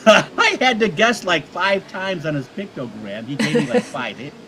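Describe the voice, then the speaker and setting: A man's voice: a little high, very animated, unhurried, bright, forceful tone, low-quality recording. A man co-hosting a casual livestream chat, rambling and joking with many stammered restarts. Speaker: co-host.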